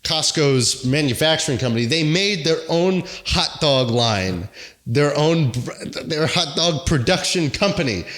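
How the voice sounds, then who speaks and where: A man's voice: fairly high pitch, animated, measured pace, a bit bright. A man co-hosting a podcast in casual chat, rambling and joking and laughing often. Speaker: podcast co-host.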